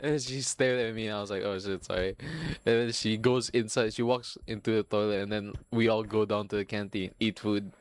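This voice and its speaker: A man's voice: on the low side, steady tone, a little fast, dry recording. A young man hosting a podcast, telling a rambling, profane school story in a casual monologue and laughing often. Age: young adult. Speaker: podcast host.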